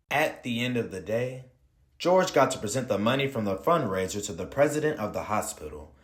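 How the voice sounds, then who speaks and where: A man reading a children's picture book aloud with expressive delivery and playful slang asides. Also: medium pitch, brisk, breathy edge. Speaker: read-aloud narrator.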